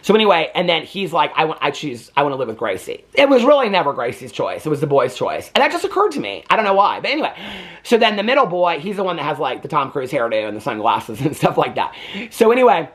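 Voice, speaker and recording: Fast, rambling man recapping a movie. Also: on the high side, huge pitch swings, husky. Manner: rambling, chatty, heavy filler "like", acts out quotes. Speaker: movie reviewer.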